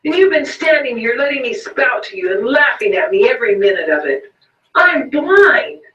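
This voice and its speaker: Bitter blind beggar figure read aloud by a man, high whining voice, roomy muffled distant sound. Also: unhurried, fairly bright tone. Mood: frantic. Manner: whining, pleading, rising to frantic cries. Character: bitter blind male peddler, begging, self-pitying.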